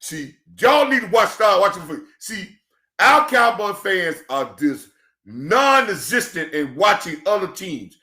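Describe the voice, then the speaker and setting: A man in a passionate, preachy football rant, swinging between shouting and quiet emotion, calling his listeners "church". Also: high voice, big pitch swings, measured pace. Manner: preachy, emphatic, calls audience "church". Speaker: football commentator. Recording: echoey room.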